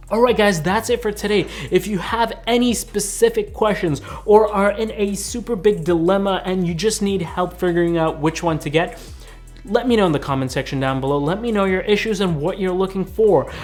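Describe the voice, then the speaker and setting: A man's voice: sits high, fairly quick, faint music behind. A man giving an enthusiastic, chatty tech product review and talking straight to his viewers.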